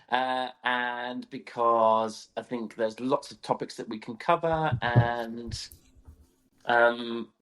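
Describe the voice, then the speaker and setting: A man's voice: medium pitch, fairly even intonation, slow pace, a bit bright, smooth. A man co-hosting a podcast, easygoing and agreeable in casual chat. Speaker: podcast co-host, rider.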